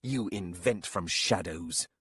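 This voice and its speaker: A man's voice: sits low, slow, a bit bright, breathy edge, dry recording, studio quality, exaggerated voice. A man doing a stern, scornful skeptic. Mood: lecturing. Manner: lecturing, blunt, skeptical. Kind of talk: audiobook character voice.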